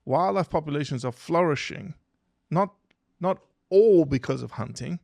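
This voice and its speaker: A man's voice: fairly high pitch, moderate pace, gravelly, no echo, clean studio sound. A man, a biologist guest on a podcast, telling stories and quizzing his hosts. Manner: animated explainer, poses questions to listeners. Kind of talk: podcast interview storytelling.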